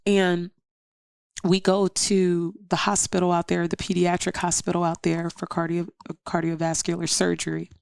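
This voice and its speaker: A woman's voice: fairly low pitch, level tone, moderate pace, gravelly, a little mellow, clean tone, dry recording, clean studio sound. A woman guest telling a personal story in an interview, earnest and step by step, acting out what others said. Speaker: podcast guest.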